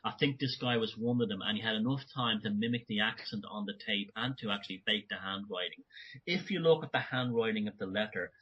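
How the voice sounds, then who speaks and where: A man speaking as a guest in an interview, animated and talking in bursts with frequent restarts. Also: fairly low pitch, a little fast, a little hiss or hum. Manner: animated, many restarts and asides. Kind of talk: conversational interview. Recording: dull lo-fi audio.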